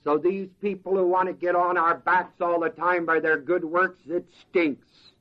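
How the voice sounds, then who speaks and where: A man preaching a slow, deliberate verse-by-verse sermon as pastor, pausing to ask the congregation to fill in words. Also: high voice, steady tone, lo-fi sound.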